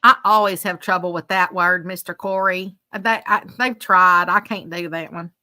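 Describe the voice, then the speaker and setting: A woman's voice: lowish voice, fairly even intonation, normal speed, sharp tone, no echo, clean studio sound. A woman, co-hosting in a playful, giggly way and reading out viewer comments. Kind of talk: casual chat on a livestream.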